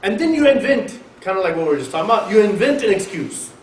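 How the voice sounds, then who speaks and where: A man giving a conversational sermon at a mosque, lecturing in an emphatic, animated way. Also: high voice, fast. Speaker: mosque speaker. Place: mosque hall. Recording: echoey hall, mic far off, faint hiss.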